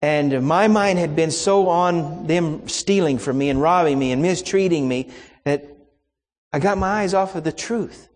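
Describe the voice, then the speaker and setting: A man's voice: on the high side, measured pace, a little mellow, in a large hall. A man preaching a sermon, telling a personal story in a folksy, anecdotal way and acting out the exchanges.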